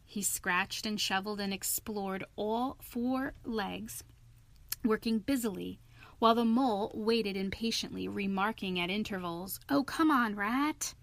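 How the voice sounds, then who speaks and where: A woman reading a storybook aloud in a steady, even narrating manner. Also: medium pitch, measured pace, vocal fry, no room sound.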